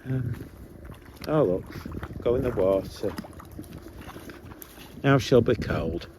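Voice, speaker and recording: The phone audio, captured outdoors with background noise, features a man vlogging as he walks his dogs. He speaks slowly with lively intonation and a medium pitch, chatting casually and coaxing the dogs.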